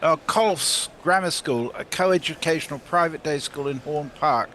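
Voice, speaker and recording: A man's voice: on the high side, moderate pace, pushed and bright, slight background noise. A man on a cricket commentary team who reads out facts about players and laughs along with the others.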